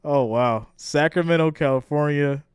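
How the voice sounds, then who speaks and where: A man's voice: fairly high pitch, normal speed, clean tone, no echo, studio quality. A man from New York hosting a live stream in a casual chat style. He reads viewer guesses aloud and laughs often.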